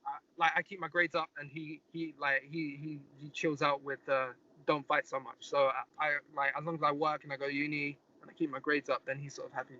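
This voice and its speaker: A young man from the UK in his twenties, speaking as an interview guest in a relaxed way with lots of "like"s. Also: a little high, brisk, few pauses, lo-fi sound. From United Kingdom. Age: 20s. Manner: relaxed, rambling with many "like"s. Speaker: guest fighter. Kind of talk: casual interview chat.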